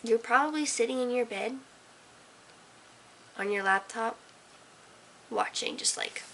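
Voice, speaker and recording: A teenage girl vlogs casually to camera late at night in her room, lit by a desk lamp, rambling and sarcastic, slipping into whispers before bursting with energy. Her voice is a little high and a bit bright, at a measured pace. The low-quality recording has a slight hiss or hum.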